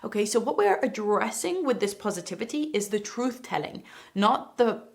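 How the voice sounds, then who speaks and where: A woman giving a calm, explanatory parenting lesson to camera, now and then acting out what a parent or child might say. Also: medium pitch, normal speed. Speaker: parenting educator. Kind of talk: instructional talk to camera.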